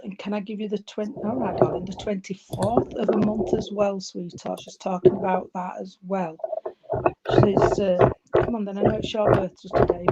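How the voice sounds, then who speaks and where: A woman working as a spiritualist medium at a church service, relaying messages in a halting way and often calling the listener darling or sweetheart. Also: mid-range voice, muffled recording. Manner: halting, with many fillers and restarts. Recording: loud background noise with clicks.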